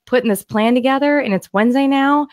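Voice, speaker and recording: A woman co-hosting a podcast, excitedly walking through property deals on screen in a casual, rambling way with frequent restarts. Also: sits high, quick pace, no echo. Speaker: podcast co-host and land investor. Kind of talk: casual screen-share deal walkthrough.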